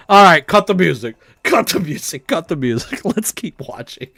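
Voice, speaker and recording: A man's voice: on the high side, very animated, moderate pace, gravelly, fairly bright tone, no room sound, clean studio sound. A man giving casual live-stream commentary to his chat, laughing hard and swearing as he reacts to a clip, at a desk microphone in his home setup. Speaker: livestreamer.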